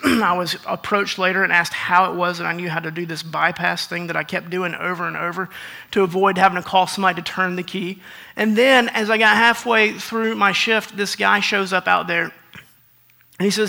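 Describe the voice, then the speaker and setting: A man preaching with a high, bright voice that keeps slipping into a creaky fry. He tells a long personal story, acting out the back-and-forth and clearing his throat now and then. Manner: storytelling, acts out quoted exchanges, frequent throat clearing. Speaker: pastor.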